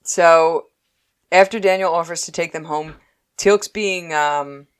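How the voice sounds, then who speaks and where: A woman with a notably low voice talks through a TV episode with a friend. She is playful, keeps slipping into quick little character voices and laughs easily. The talk is relaxed and conversational. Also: smooth. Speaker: podcast co-host. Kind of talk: casual chat recapping a TV episode.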